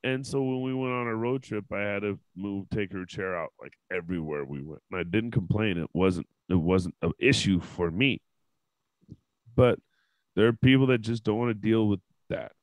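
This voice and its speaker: Low-voiced, candid podcast host man. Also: moderate pace, no room sound, rough recording. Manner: candid, profane, emotional. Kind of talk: casual panel podcast talk.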